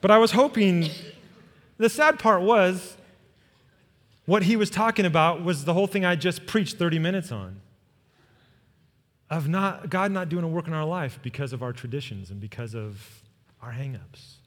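A middle-aged man preaching a sermon as pastor, telling stories with quoted voices and closing in soft prayer. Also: a little high, expressive, normal speed, pauses often. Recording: long hall reverb.

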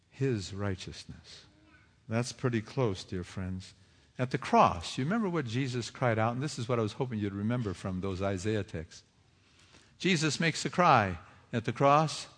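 A man preaching a sermon, asking his listeners question after question and moving between hushed reflection and rising fervor. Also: medium pitch. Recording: long hall reverb.

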